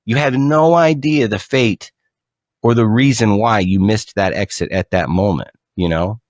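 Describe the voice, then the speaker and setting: Low-voiced man telling a story. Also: measured pace, dry recording, studio quality. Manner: animated storyteller, repeats words when starting. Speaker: podcast guest. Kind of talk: casual storytelling.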